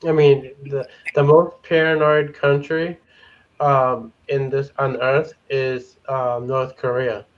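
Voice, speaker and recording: A man's voice: medium pitch, flat delivery, slow pace, lo-fi sound. A man on a panel, giving his opinions in casual chat, talking hesitantly with repeated words and restarts. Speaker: panel guest.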